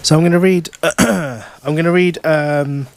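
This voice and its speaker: A man's voice: a little high, measured pace, slight background noise. A man, an author, talking casually at a bookshop event and reading from his novel, with many fillers and restarts. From United Kingdom.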